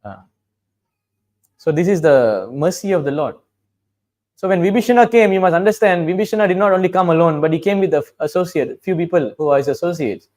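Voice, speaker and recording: A man's voice: high-pitched, lively intonation, fairly quick, darkish tone. A man giving a conversational, storytelling sermon, quoting dialogue and chanting verses, often saying "you know". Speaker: preacher.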